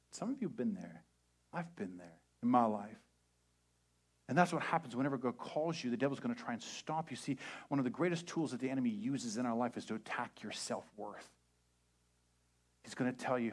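A young adult man preaching a sermon as a pastor, animated and acting out quoted voices. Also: mid-range voice, fairly quick, breathy edge.

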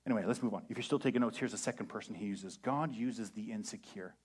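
Animated man preaching a sermon. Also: lowish voice, fast, husky. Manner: animated, acts out voices and quotes. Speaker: pastor.

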